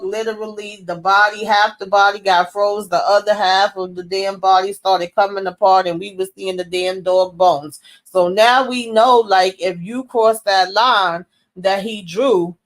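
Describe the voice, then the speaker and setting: A woman recaps a TV series episode in a casual, slangy, profane, and animated way, often acting out the characters' lines. Her voice is medium pitch.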